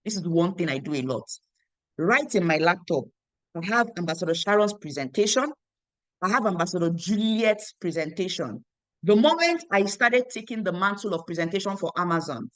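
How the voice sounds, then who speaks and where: A woman's voice: on the low side, dry recording. A young woman tells a motivational story about her business, repeating phrases and acting out the dialogue. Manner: animated, repeats phrases, acts out quoted dialogue. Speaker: network marketing team leader.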